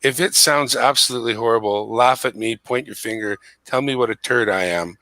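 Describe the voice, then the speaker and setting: A man's voice: medium pitch, brisk, hardly any pauses, pushed and bright, dry recording. A man hosting a stream, chatting casually in a rambling, joking way and chuckling at himself. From Canada. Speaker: stream host. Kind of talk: casual chat.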